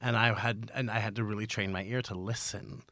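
A man's voice: on the low side, steady tone, a little fast, pushed and bright, dry recording. A man, a drag performer, chatting playfully as a podcast guest and laughing often. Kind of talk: casual interview chat.

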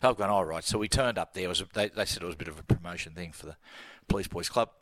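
A man's voice: low voice, racing, a bit bright, no echo. An Australian man, a sports commentator guest, telling a laughing story in casual radio chat. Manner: yarn-spinning, laughing storyteller.

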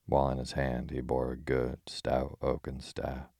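A man with a strikingly deep voice reads a bedtime tale aloud. He keeps his delivery almost completely level, with barely any rise or fall, in a calm, unhurried way. The sound is close and dry, with no room around it. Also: gravelly, no echo. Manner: calm, even reading of old-fashioned prose. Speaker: sleep story narrator. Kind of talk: slow bedtime storytelling.

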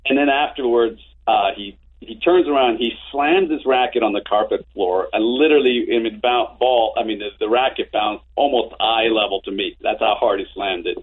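A man's voice: on the low side, moderate pace, breathy edge. Man on a tinny phone-like line. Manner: animated anecdotes with frequent restarts. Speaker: interview guest. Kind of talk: casual storytelling. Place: home office.

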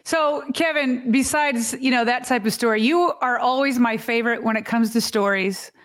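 A woman hosts a sports show and interviews her guest, her voice pitched somewhat high. She talks in an easy, conversational way as she prompts him for stories. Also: normal speed.

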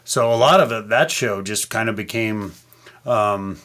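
A man co-hosting a podcast, telling relaxed, joking stories in casual chat. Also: lowish voice, measured pace. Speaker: podcast co-host.

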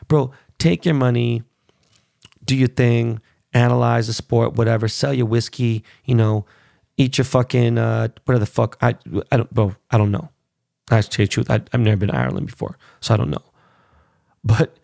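A man with a gravelly, mid-pitched voice hosts a casual podcast. He rants bluntly, swearing freely and getting heated. The sound is close and dry, with no room echo. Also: moderate pace, darkish tone. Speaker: podcast host. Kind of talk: casual rant.

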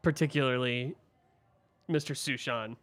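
A man's voice: mid-range voice, steady tone, measured pace, fairly bright tone. A man from Philadelphia, a guest on a casual podcast chat, who jokes about himself and trails off. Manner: self-deprecating, jokey, trails off. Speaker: guest, team staffer.

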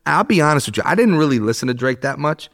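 Man, thirties, guest, casual storytelling, lively, swears, mimics what others said. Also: a little high, fast. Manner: animated, swears, acts out quotes. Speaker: podcast guest.

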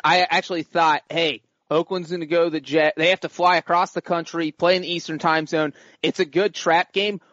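A man's voice: on the high side, fairly bright tone, dry recording, lo-fi sound. A man on a casual sports podcast, explaining his reasoning step by step. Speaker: podcast co-host.

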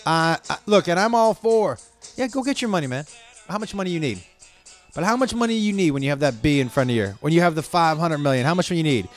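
A man's voice: on the high side, lively intonation, quick pace. A man delivering an angry, profanity-heavy, stream-of-consciousness rant to his viewers. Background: faint music playing.

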